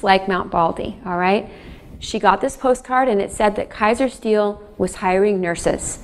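Chatty woman author telling family stories. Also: mid-range voice. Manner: chatty, addresses audience directly, animated asides. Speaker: author giving a lecture. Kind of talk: public lecture, storytelling.

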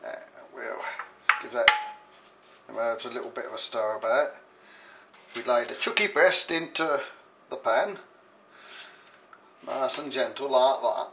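A man's voice: medium pitch, a little slow, long pauses, sharp tone. An English man giving a casual, jokey cooking demonstration in his home kitchen, full of rambling asides to the viewer. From England. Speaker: home cook. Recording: echoey, dull lo-fi with faint hiss.

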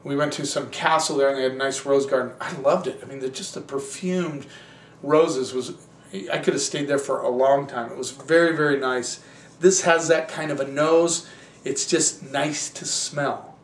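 A man hosting a wine show, tasting and reviewing wines in a relaxed, rambling, conversational way. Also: mid-range voice, normal speed, roomy sound, recorded from a distance, a little hiss or hum.

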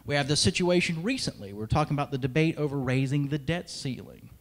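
A man's voice: on the high side, fast. A young man giving an emphatic political speech at a conference, with sarcastic asides. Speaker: conference speaker, radio host. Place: large hall. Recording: long hall reverb.

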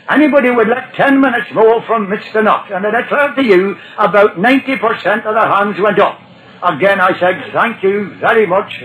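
An older man preaching a sermon, telling his own conversion story in a folksy way and quoting scripture slowly. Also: high voice, a bit bright, low-quality recording. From Ireland. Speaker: evangelist. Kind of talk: old recorded sermon testimony.

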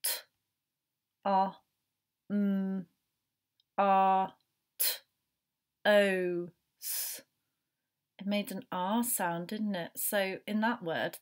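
Slow, clear woman teaching phonics. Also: medium pitch. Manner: slow, sounding out letters one by one. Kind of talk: phonics lesson for young children.

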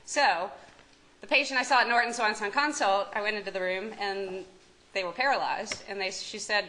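A woman's voice: medium pitch, quick pace, sharp tone, slight background noise, rough recording. A woman with a Kentucky accent giving a medical lecture as a psychiatry professor, talking conversationally, joking and asking the audience questions. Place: lecture room.

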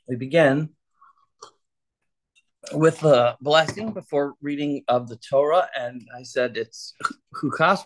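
A man's voice: a little high, fairly bright tone. A man leading a casual Torah study, chatty and loose, who keeps checking in with his listeners.

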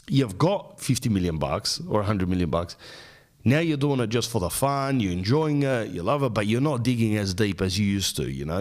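A man in his thirties with an Australian accent, telling rambling, profane comic stories as a podcast host. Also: fairly low pitch. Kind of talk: casual comic monologue.

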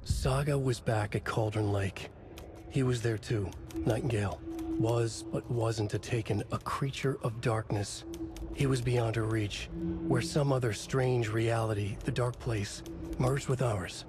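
An actor giving measured, brooding noir narration in short fragmented phrases for a video game. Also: male voice, mid-range voice, steady tone, close to an everyday voice. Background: game music.

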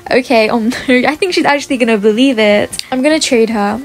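Bubbly high-voiced young woman gamer. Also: fairly quick, faint music behind. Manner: bubbly and chatty, often laughing. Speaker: gaming YouTuber. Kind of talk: casual gameplay commentary.

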